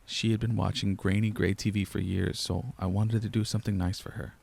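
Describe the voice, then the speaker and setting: Young guy telling a creepy story, lowish voice, lots of gravel and fry. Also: brisk. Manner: low-key, steady first-person storytelling. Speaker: narrator. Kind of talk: scripted horror narration.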